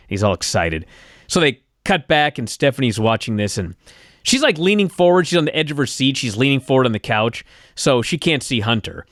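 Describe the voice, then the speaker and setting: A man co-hosting a podcast, recapping with animated, exasperated rants and swearing. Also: medium pitch, moderate pace, no room sound, clean studio sound. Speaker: podcast co-host. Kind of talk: casual recap chat.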